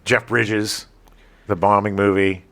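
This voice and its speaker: A man's voice: fairly low pitch, slow. A man co-hosting a podcast, chatting casually and jokingly about movies and often cutting in over his co-host. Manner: animated and jokey, talks over his co-host. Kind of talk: casual film-review chat.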